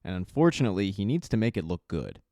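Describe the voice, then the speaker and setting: A man narrating a casual recap of a TV season, telling the plot in a conversational way with quick asides. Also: lowish voice, big pitch swings, warm tone, dry recording, studio quality. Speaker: recap host.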